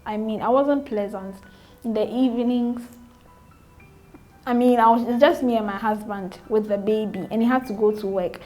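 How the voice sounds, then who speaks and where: Over soft background music, a fairly high-pitched young woman with a Ghanaian accent speaks at normal speed with a darkish tone. She's a new mother being interviewed, candidly recounting her own experiences with earnest repetition and acted-out exchanges from memory.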